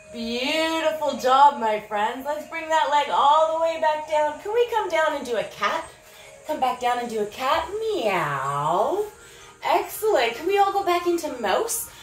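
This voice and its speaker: A woman's voice: high voice, reverberant, low-quality recording. Sing-song woman leading kids' yoga. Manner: encouraging, sing-song, makes animal sounds. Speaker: kids yoga teacher. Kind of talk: guiding a preschool yoga class.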